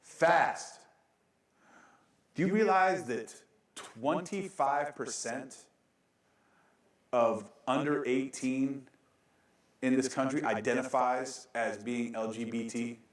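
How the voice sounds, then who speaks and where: A male pastor speaks slowly in a mid-range voice, positioned far from the mic in a heavily echoing church sanctuary. He jokes, mocks himself, and laughs often throughout his sermon.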